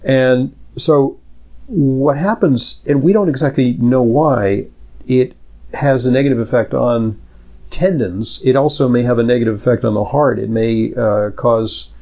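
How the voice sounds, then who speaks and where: A man's voice: mid-range voice, unhurried, warm tone. Middle-aged male doctor, podcast host; casual, anecdotal, filler-heavy, mid-range voice. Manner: rambling, anecdotal, lots of fillers. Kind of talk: medical Q&A podcast chat.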